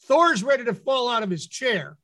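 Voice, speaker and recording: A man hosting a radio talk show, telling a lively anecdote and acting out what people said. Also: extremely high pitch, moderate pace. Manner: animated anecdote teller, acts out quotes. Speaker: radio host. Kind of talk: casual storytelling on air.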